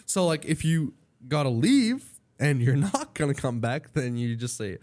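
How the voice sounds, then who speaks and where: A man's voice: mid-range voice, unhurried. A man hosting a casual podcast chat in a playful, joking manner. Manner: playful, jokey, animated.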